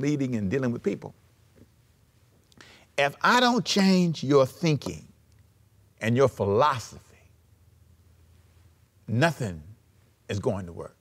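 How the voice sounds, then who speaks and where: A man preaching a sermon as pastor, animated and conversational, with joking asides. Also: sits high.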